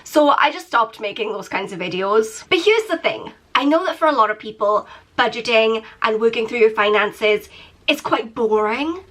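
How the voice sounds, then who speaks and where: A British woman in her thirties talks through her budget in a chatty, self-mocking vlog. Her voice sits a little high and sounds stuffy and nasal from a cold. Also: expressive, moderate pace, fairly bright tone. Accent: British English. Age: 30s. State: sick, nasal and congested. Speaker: YouTuber.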